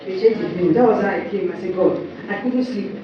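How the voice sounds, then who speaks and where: A woman's voice: quick pace, a crowd in the background. Nigerian woman giving a testimony in an echoey church. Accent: Nigerian English. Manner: storytelling with acted quotes, rising high when excited. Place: church hall. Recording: echoey, distant, muffled with background noise.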